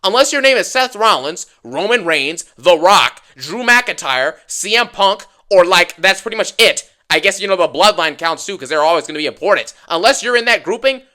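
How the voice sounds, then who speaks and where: A man's voice: high-pitched, lively intonation, moderate pace, hardly any pauses, pushed and bright. A young man ranting sarcastically to his viewers, exasperated and mocking the people he recaps in funny voices. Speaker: wrestling commentator ranting to viewers.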